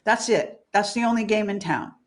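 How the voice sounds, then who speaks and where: A woman's voice: medium pitch, normal speed. A woman guest in a candid spiritual interview, talking emphatically, swearing freely and laughing often.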